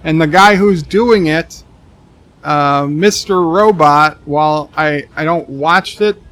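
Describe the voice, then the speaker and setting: A man streaming a game live, reading viewer comments aloud and answering them with deadpan jokes and rambling asides. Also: fairly high pitch, slow pace, dry recording. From Texas. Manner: rambling asides with many restarts. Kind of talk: live-stream chat reading while gaming.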